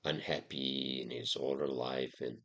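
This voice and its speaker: A man's voice: very deep voice, flat delivery, a little slow, creaky, a bit bright, lo-fi sound. A man hosting a solo podcast, rambling and swearing heavily through a heated rant. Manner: rambling, profane, heated ranting. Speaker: podcast host.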